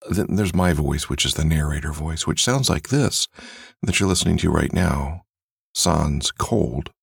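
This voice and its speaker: Male narrator with a cold, casual podcast talk, husky and dry-sounding. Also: extremely low pitch, moderate pace, no echo. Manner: relaxed, musing, many fillers. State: has a cold. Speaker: audiobook narrator.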